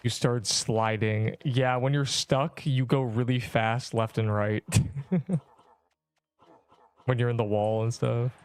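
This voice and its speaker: A man's voice: mid-range voice, steady tone, takes it slowly, smooth. A young man chatting on a game livestream, rambling in slang and joking with mock outrage at his chat. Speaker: game streamer.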